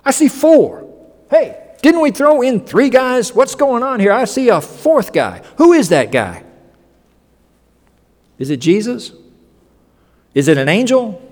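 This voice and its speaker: A man voicing a furious, boastful ancient king who growls and shouts threats, in a long echoing room. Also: very high voice, very animated, slow, long pauses, voice pushed up, heavily acted. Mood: astonished.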